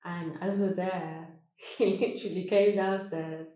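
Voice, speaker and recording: A woman telling a personal story on a podcast, animated and often laughing. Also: lowish voice, a little slow. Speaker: podcast guest. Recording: very echoey room.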